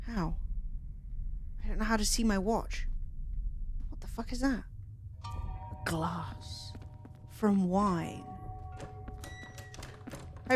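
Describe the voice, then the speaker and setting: Excitable swearing woman streamer. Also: mid-range voice. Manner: excitable, swears, talks to herself and to chat. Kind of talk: live gaming commentary.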